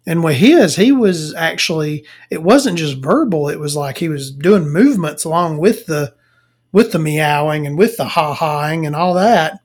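A woman's voice: deep voice, expressive, moderate pace, a little mellow, slightly rough. A woman, telling blunt, profane work stories to camera in a casual rant. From Southern United States. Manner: profane, blunt, laughing storyteller. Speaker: vlogger.

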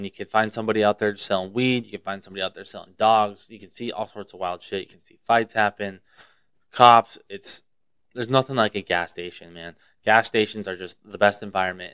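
A young man from Montana riffs on his solo podcast, swearing freely and rambling from one gripe to the next with real heat. His voice sits low and comes through smooth and clear. The sound is dry and close, with no room around it. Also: a bit bright, no echo. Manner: profane, rambling, fired up. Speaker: podcast host. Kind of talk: casual solo podcast rant.

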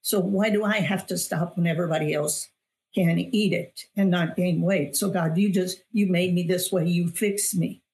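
Her voice sits on the low side, a little mellow, steady in tone and at normal speed. She is a middle-aged guest on an interview show, an author and weight loss coach telling her own story earnestly and emphatically, often repeating phrases for emphasis.

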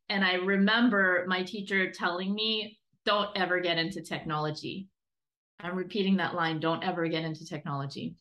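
Bright-voiced woman telling a story. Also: on the low side. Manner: animated storytelling, laughs often. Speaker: guest, creative director. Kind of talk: casual interview conversation.

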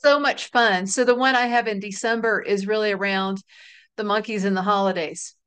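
A middle-aged woman, an author being interviewed, telling stories in a relaxed, laughing way. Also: mid-range voice, moderate pace, clear, resonant tone. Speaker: author and guest. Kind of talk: casual interview chat.

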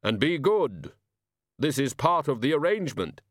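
A man voicing Death standing in as a gift-giver, speaking slowly and solemnly. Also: a little high, big pitch swings, no echo, studio quality, voice pushed up. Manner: slow, measured, solemn. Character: Death as a grave, slow male gift-giver.

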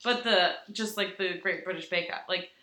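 A chatty woman co-host talks in a bright, forceful tone, full of fillers and quoted asides. Her voice rings in an echoey room. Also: on the low side, normal speed. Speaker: podcast co-host. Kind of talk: casual chat.

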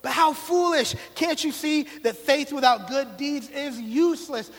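A man's voice: extremely high pitch, measured pace, a bit bright, big-room sound. A man preaching a casual, conversational sermon in a slangy, playful way, with sarcastic asides.

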